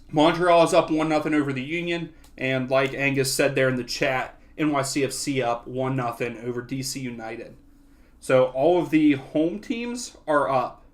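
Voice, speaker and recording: Excitable man doing casual play-by-play. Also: mid-range voice. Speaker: watch-along host. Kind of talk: live match commentary.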